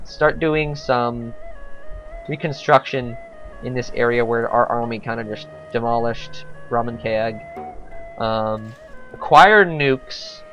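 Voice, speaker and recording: A man's voice: medium pitch, highs cut off. A man giving casual let's-play commentary on a strategy game, thinking aloud with frequent hesitations.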